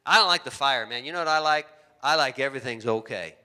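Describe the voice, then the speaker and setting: A middle-aged man preaching a sermon, telling stories with lively acted-out voices. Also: fast. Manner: animated storytelling, acts out voices with big pitch jumps. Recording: long hall reverb.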